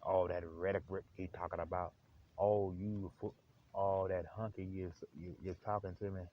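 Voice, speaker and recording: A man's voice: deep voice, level tone, normal speed. A man hosting a live stream, rambling in slang with lots of fillers. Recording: dull lo-fi with faint hiss.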